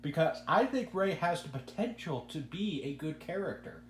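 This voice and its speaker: A man's voice: on the high side, sing-song, normal speed. Echoey rambling male podcast host. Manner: rambling, repeats words when starting sentences. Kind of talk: casual opinionated chat. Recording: echoey room with faint hum.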